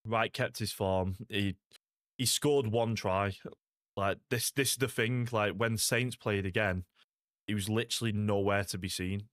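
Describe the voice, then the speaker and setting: A man's voice: on the low side, steady tone, unhurried, fairly bright tone, dry recording, clean studio sound. A young man, chatting casually to viewers while playing a game, laid-back and full of "like" and "mate". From Salford, England. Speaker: streamer. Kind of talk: casual gaming stream chat.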